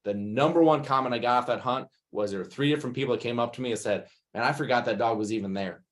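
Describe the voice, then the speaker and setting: A man, a retriever dog trainer answering questions in an animated way, acting out scenes as he goes. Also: mid-range voice. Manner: animated, acts out scenes in quick bursts. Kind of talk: masterclass Q&A answer.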